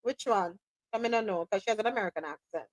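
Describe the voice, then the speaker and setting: A woman with a Caribbean accent hosting a live talk show, chatting in a lively way, laughing often and slipping into patois. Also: medium pitch, quick pace, no room sound. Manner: animated, laughing, slips into patois. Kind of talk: casual chat.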